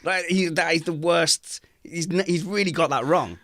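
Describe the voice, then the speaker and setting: A man's voice: fairly high pitch, normal speed, dry recording, studio quality. A man co-hosting a casual podcast, teasing his friends. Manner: teasing, animated. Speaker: co-host.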